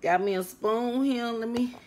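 Young woman doing a mukbang, kinda high voice, loud and playful, chats with viewers while she eats. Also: a little slow, slight background noise. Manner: chatty, loud and playful, talks to viewers as friends; eats on mic between remarks, with mouth sounds. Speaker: food vlogger. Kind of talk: casual mukbang eating vlog.

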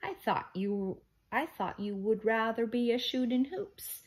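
A woman's voice: on the high side, sing-song, unhurried, pitched above the performer's own voice. A woman reading aloud and voicing a mischievous male leprechaun gym teacher in a lilting put-on Irish brogue. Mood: sly, cheery. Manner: lilting, folksy, sly.

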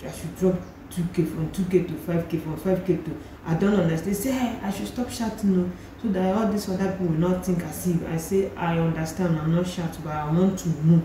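A young Nigerian vlogger with a Nigerian accent animatedly retells a personal story, slipping into pidgin phrases. Her fairly low voice is mellow, and the recording has a slight hiss or hum, a very echoey room, and faint ambience.

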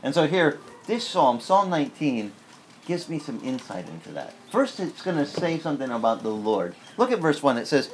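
A man preaching a sermon as pastor in a church, talking in a candid, conversational way and breaking into lively acted-out prayers. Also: a little high, normal speed, slight background noise.

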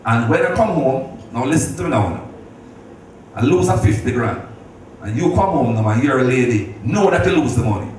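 A man's voice: medium pitch, expressive, moderate pace, darkish tone. A middle-aged man giving a heartfelt birthday speech, telling stories with laughter and a preacherly ring. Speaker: speaker at a birthday celebration. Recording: echoey hall from far off, noisy.

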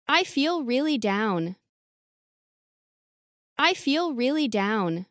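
Female English lesson reader: slow, clear sentence drills, bright singsong pitch, dry close sound. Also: very animated, dry recording. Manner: reads each short sentence twice.

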